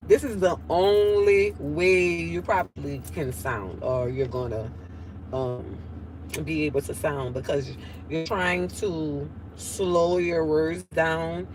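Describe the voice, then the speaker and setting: A woman's voice: deep voice, fairly even intonation, takes it slowly, a little mellow, a little hiss or hum, poor audio. A nasal-voiced woman with a New Orleans accent chatting casually on a livestream, reading out viewer comments in a drawling way. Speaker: livestream host.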